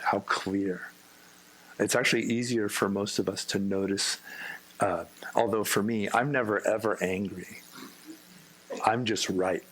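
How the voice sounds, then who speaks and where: A man giving a meditation talk to a group, slow and gentle, with self-mocking humor. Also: deep voice, vocal fry, slight background noise, poor audio. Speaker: meditation teacher.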